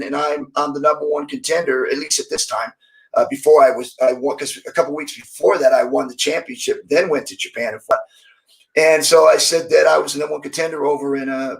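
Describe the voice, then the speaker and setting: A man's voice: a little high, creaky, rough recording. A middle-aged man, a former fighter, telling stories in a casual interview and acting out the quoted lines of the people in them. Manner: animated storyteller acting out quoted dialogue, many restarts.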